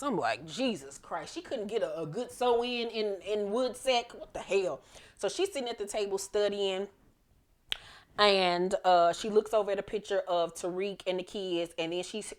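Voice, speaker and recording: A woman casually recapping a TV episode, chatty and profane, acting out the characters' lines as she goes. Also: medium pitch. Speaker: TV episode reviewer.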